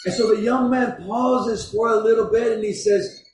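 Man, preacher, sermon, high voice, slow delivery, echoey room, distant mic. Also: steady tone, a little mellow, slight background noise. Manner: storytelling preacher, slow and deliberate. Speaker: pastor.

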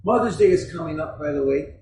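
Male pastor, unhurried storytelling sermon, heard from afar with faint room ambience. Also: a little high, expressive, gravelly, warm tone, a little hiss or hum. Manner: storytelling preacher, slow and deliberate. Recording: echoey room from far off.

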